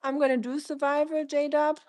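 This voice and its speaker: A woman's voice: sits high, level tone, moderate pace, darkish tone, no room sound. Chatty German-accented woman, dry sound. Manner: chatty, rambling, reads out comments and answers them. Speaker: livestream host. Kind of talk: casual livestream chat answering viewers.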